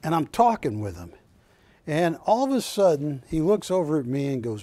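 A man's voice: a little high, big pitch swings, moderate pace, mellow. A man hosting a live shopping channel show, telling rambling stories about the art he sells and correcting himself as he goes. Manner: rambling anecdotal storytelling, self-correcting. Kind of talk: live TV sales presentation. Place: TV studio.

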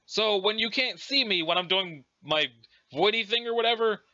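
A man's voice: high voice, moderate pace, sharp tone, no room sound. A man voicing a brash, slangy teenage girl who teases and pushes, in a dramatic reading. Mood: casual, curious. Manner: casual, slangy, teasing. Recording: dull lo-fi recording.

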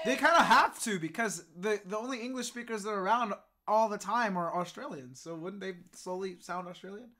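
A man streaming a casual video reaction, swearing often and breaking into laughs and loud outbursts. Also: high voice, brisk.

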